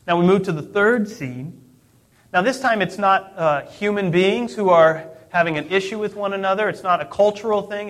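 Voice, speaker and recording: A middle-aged pastor delivers a sermon with a notably high voice for a man. He keeps it conversational, pausing on rhetorical questions and restarting phrases as he goes. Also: a bit bright. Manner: conversational preaching, rhetorical questions, self-corrections.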